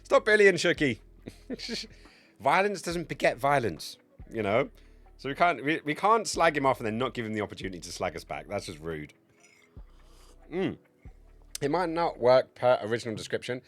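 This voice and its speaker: Brief: male streamer, thirties, crude rambling humor, very animated pitch, faint music underneath. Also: normal speed, no echo. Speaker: game streamer. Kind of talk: casual livestream chat.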